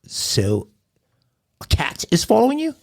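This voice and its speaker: A man's voice: sits high, wildly swooping pitch, unhurried, gravelly, voice pushed up, full character voice. A man doing a curt British police dispatcher. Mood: deadpan. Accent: put-on British.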